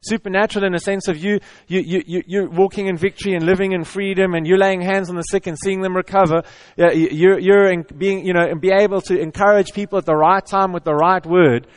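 A middle-aged male pastor preaches in an earnest, conversational manner. His voice sits a little high for a man, and he often stumbles back over his words before pushing on. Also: fairly even intonation, a little fast, hardly any pauses. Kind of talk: conversational sermon.

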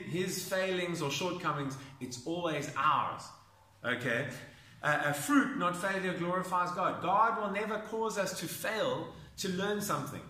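A man's voice: high-pitched, pushed and bright. A man preaching a sermon with emphasis, often checking in with the listeners by asking "okay?". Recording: echoey room.

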